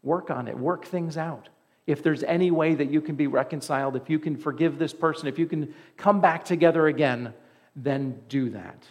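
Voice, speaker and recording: A man preaching a sermon as pastor, earnest and conversational, with emphatic repeats. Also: medium pitch.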